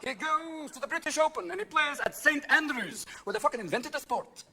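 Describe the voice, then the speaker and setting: A man performing a stand-up comedy set, manic and shouting, jumping between voices and impressions. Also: very high-pitched, expressive, fairly quick. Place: large theater with live audience. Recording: live theater recording with crowd laughter. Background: audience laughter and applause.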